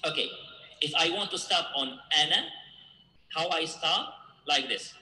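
Male teacher, high and very bright voice, patient drill style, echoey room. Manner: patient, repeats points and checks with "okay?"; chants Arabic verses louder and faster. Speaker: Quran recitation teacher. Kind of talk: tajweed lesson with repeat-after-me drills.

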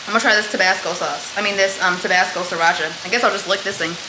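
There's a noisy backdrop of clattering dishes and cutlery as a young woman talks fast and steadily in a mid-range voice. She's vlogging from an echoey home kitchen while she cooks, chatting to herself and her viewers.

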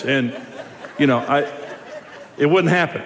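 Male pastor, higher-pitched voice, conversational preaching in a long-reverb auditorium. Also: fairly quick. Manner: conversational preaching, rising to emphatic. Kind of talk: sermon.

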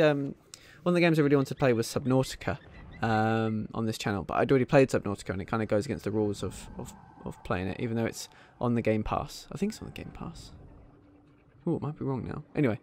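A man hosting a gaming channel, chatting casually and enthusiastically over his gameplay with frequent ums. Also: mid-range voice.

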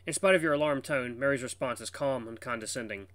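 A man reading a visual novel's second-person narration with brisk, lively storytelling. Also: medium pitch, no room sound.

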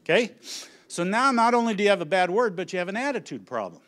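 Middle-aged male speaker, fairly high voice, lively story-driven stage presentation. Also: fast talker. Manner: animated storyteller who acts out his family's lines. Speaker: conference speaker on children's ministry. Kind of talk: humorous presentation to an audience. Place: on a stage at a conference.

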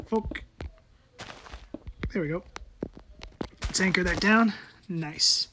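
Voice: mid-range voice, slow pace, bright, forceful tone, slight background noise. A person giving casual gameplay commentary, muttering to themselves while building and swearing often.

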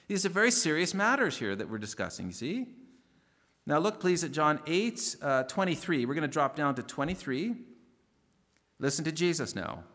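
A man's voice: medium pitch, a bit bright. Emphatic preaching man in a reverberant hall. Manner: earnest preaching, rising emphatic stresses, slows to read verses. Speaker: pastor. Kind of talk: radio sermon.

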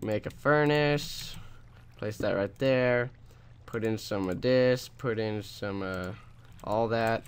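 A man's voice: lowish voice, takes it slowly, slight background noise. A young man with a sarcastic, rambling manner, casually chatting while commenting on his own gameplay. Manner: rambling, ranting, sarcastic, with restarts. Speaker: let's play host.

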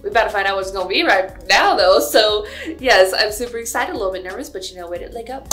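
A young woman chatting casually and excitedly as she reacts to a music video, full of "like" and "yo". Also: mid-range voice, fast talker. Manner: expressive, animated, lots of "like" and "yo". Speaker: K-pop reaction vlogger.

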